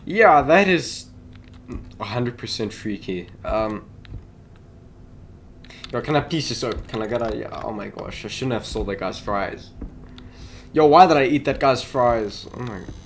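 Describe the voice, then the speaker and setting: A young man talks his way through a horror game, jumpy and chatty, with a voice of middling pitch. A faint hiss sits under the recording, and keyboard tapping drifts in behind him. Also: lively intonation, measured pace, pauses often. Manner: jittery, talks to the game, yelps in panic. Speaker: gaming YouTuber.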